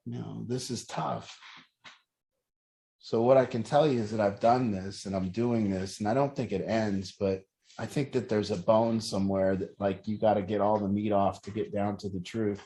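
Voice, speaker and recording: Speaking at a moderate pace with a steady, darkish, fairly low voice, a middle-aged group leader reflects aloud. He is earnest, and he keeps returning to rhetorical questions as he thinks things through.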